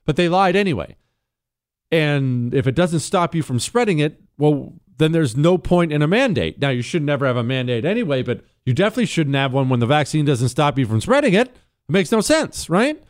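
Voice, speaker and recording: A talk radio host, a man, rants with a lively, swinging delivery and keeps firing rhetorical questions. His voice sits a little high, and the studio sound is dry and close. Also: brisk, dry recording. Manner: animated, mocking, rhetorical questions.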